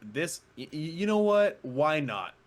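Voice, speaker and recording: A young man co-hosting a sports podcast, trading sarcastic jabs in casual banter. His pitch swings widely, from mumbled low agreements to sudden high exclamations. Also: big pitch swings, unhurried. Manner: dry, sarcastic asides, short low acknowledgments. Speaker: podcast co-host.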